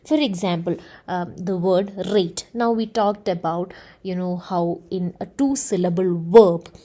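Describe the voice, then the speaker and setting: A woman's voice: lowish voice, steady tone, mellow. A woman teaching a lesson on speech sounds, explaining carefully with frequent "uh" and "okay" checks. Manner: measured, explanatory, filler "uh" and "okay". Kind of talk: explaining phonetics.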